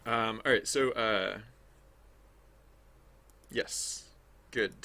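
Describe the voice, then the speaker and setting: A man talks his way through his game project on a casual livestream, thinking out loud and circling back on himself. His voice has a gravelly fry with a bright, forward edge, at a middle pitch. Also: lively intonation, measured pace, long pauses. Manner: rambling, thinking aloud with many restarts. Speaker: game developer streaming his work. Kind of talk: casual livestream commentary while working.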